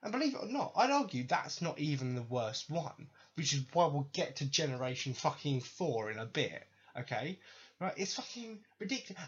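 Sweary man ranting, husky voice. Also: high-pitched, highs cut off. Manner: exasperated, sweary, sarcastic. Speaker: podcast host. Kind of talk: casual ranting commentary.

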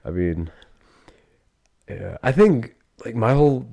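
A man's voice: mid-range voice, animated, slow pace, gravelly, warm tone. A man co-hosting a podcast in loose, joking casual chat, laughing often. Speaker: podcast co-host.

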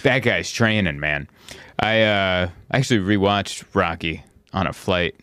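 A man, a comedian hosting a podcast, chatting casually and telling stories with animated voices. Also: a little slow, clear, resonant tone, no room sound, clean studio sound. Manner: animated storytelling, jumps into loud squeaky voices and laughs. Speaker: stand-up comedian, podcast host.

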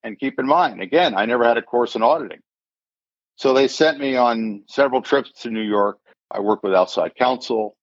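A retired forensic accountant, now an older man, recounts a story during an interview, imitating the voices of its characters. He speaks at a moderate pace in a mid-range voice; the recording has no echo and a dull, lo-fi quality.

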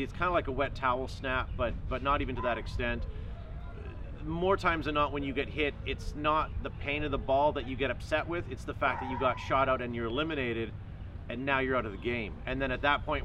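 A man answering questions in an outdoor interview clip, in a measured, explanatory way. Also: medium pitch. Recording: distant mic, loud outdoor noise.

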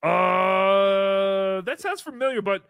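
A man with a high, very lively voice hosts a loose livestream and cracks sarcastic jokes as he reads paid chat messages. His tone is bright, and he swings between loud bursts and mumbled asides on a dry, close mic. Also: normal speed, no echo. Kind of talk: casual livestream banter.

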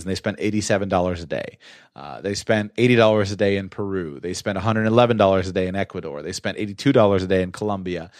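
In a clean studio recording with no echo, a man gives an explanatory solo talk on personal finance. His manner is conversational, and now and then he acts out his own mock-shocked inner voice, his pitch rising.

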